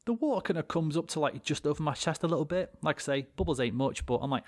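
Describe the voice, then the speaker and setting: A man's voice: on the high side, lively intonation, fast talker, dry recording, clean studio sound. A young British man, a podcast co-host, telling a rambling anecdote with plenty of swearing and restarts. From Britain. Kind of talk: casual storytelling chat.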